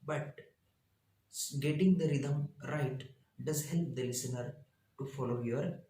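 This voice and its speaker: A man, a teacher reading his lesson out slowly in short, halting phrases. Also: a little high, warm tone, reverberant, poor audio. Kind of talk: reading lesson slides aloud.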